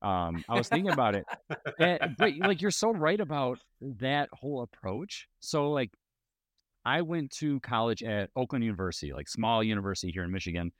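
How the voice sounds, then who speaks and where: A man chatting casually on a podcast, relaxed and rambling with fillers. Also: mid-range voice, normal speed, dry recording, clean studio sound. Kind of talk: casual chat.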